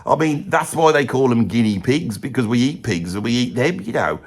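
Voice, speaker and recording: A man with a medium-pitched, breathy voice, big pitch swings and a moderate pace voices a comic pundit character. With a Birmingham accent, he plays a blokey older heavy metal fan in a comedy monologue, rambling, losing his thread and saying bloody often.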